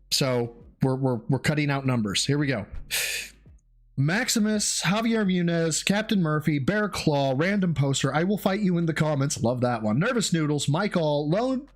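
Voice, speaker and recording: Male streamer host, raised pitch, rambling and profane, faint music under him. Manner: excitable, swears freely, rambling with restarts. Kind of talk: casual livestream chat.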